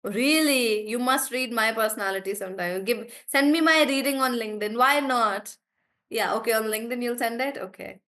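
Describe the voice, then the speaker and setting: A woman teaching pronunciation over a video call, with a voice that sits a little high for a woman. She speaks warmly to her students and praises their answers. When she models a word, she slows down and pulls each syllable apart. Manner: encouraging, draws out syllables slowly when modeling words. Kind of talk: live online class.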